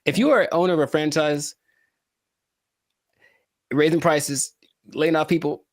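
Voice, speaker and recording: A man's voice: fairly high pitch, fairly even intonation, unhurried, no room sound. A young man co-hosting a podcast, chatting casually with joking, mock-dramatic asides. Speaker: podcast co-host. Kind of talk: casual chat.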